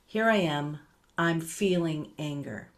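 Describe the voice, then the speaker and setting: A middle-aged woman teaching meditation, speaking gently and unhurriedly, with soft repeated words that trail off quietly. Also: deep voice, slow.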